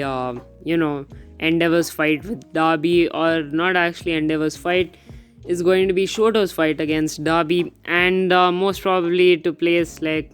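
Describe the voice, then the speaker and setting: A young man casually recapping a manga chapter in a rambling, excitable way, full of fillers. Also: high-pitched, clean tone. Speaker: manga reviewer. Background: faint background music.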